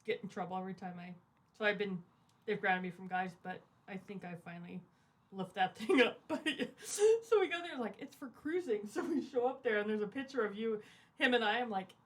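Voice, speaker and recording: Woman co-host, casual banter, animated storyteller who laughs a lot. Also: mid-range voice. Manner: animated, laughing, talks over others.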